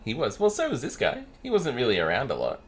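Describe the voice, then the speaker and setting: A mid-range male voice with huge pitch swings talks fast over slight background noise. He co-hosts a podcast, chatting loosely and telling anecdotes with plenty of laughter.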